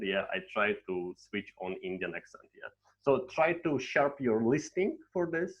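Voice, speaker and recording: A man leads an online training for language teachers over a video call. His voice sits low, and he talks conversationally, dropping in "yeah" and "right" as he goes. The audio is dull and lo-fi. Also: fairly bright tone.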